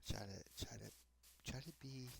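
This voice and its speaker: A man's voice: mid-range voice, measured pace, creaky, breathy edge. A man in his fifties from New Jersey with a New Jersey accent, chatting casually and chuckling as he plays and talks to his viewers. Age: 50s. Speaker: let's play host. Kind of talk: casual gameplay commentary. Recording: mouse and keyboard clicks audible.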